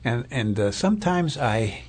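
A man's voice: mid-range voice, big pitch swings, unhurried. A man preaching a sermon as a pastor, in a conversational, thoughtful way with fillers and restarts. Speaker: Lutheran pastor or Bible teacher.

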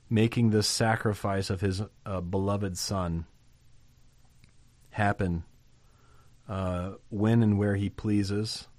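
A man's voice: on the low side, darkish tone, no room sound. A man preaching a sermon, reading scripture aloud and commenting on it in a conversational way. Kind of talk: sermon on a Bible passage.

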